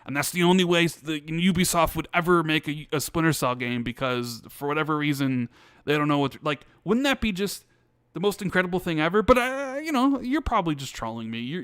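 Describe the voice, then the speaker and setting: A man co-hosting a casual podcast, his voice a touch higher than most men's. He spins a story with energy, acting out both sides of a conversation and tripping over restarts. The sound is close and dry, with no room around it. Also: fairly quick, smooth, dry recording. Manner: animated storytelling, acts out quoted dialogue; many restarts and fillers. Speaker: podcast co-host. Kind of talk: casual chat.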